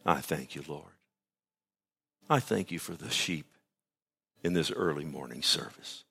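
A man preaching a sermon at an early church service, telling a personal story and then praying, swinging from loud exclamations to hushed whispers. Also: extremely low pitch, expressive, a little slow, gravelly, slightly rough. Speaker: pastor.

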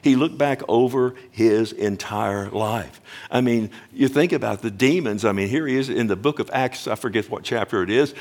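A man preaching a sermon as pastor, earnest and animated, often restarting phrases and asking the congregation questions. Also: medium pitch, normal speed, few pauses.

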